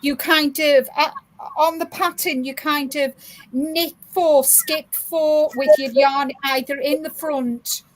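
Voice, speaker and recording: A woman's voice: high-pitched, fairly even intonation, slow pace, low-quality recording. A woman hosting a casual craft livestream, explaining her work step by step with frequent restarts. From South Africa. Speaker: livestream host.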